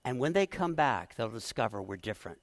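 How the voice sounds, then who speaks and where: A man's voice: medium pitch, sing-song, fairly quick, long reverb tail. A middle-aged man preaching a sermon as pastor, earnest and emotional, often restarting his words.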